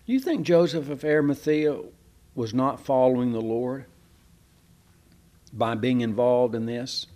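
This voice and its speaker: A man's voice: mid-range voice, unhurried, long pauses, warm tone. A pastor preaching a sermon in a folksy, conversational way, asking his listeners questions.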